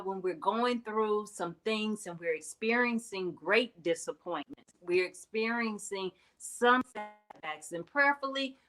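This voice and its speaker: A woman's voice: medium pitch, fairly bright tone, poor audio. A middle-aged woman hosting a heartfelt motivational talk, earnest and candid, with emphatic rises in her speech. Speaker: host.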